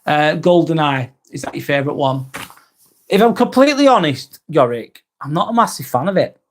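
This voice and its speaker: A man's voice: a little high, moderate pace. A man hosting a live vlog, talking casually and reading out viewer comments, with lots of ums and some swearing. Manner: relaxed and chatty, with frequent ums and casual swearing.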